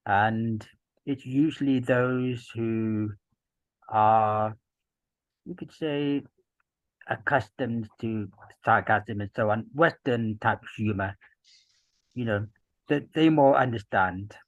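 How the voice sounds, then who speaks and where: A man in his fifties from Gloucester in England, a podcast guest talking in a measured, reflective way with many "you know"s, through earpieces. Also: on the low side, dry recording, muffled recording. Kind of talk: casual interview chat.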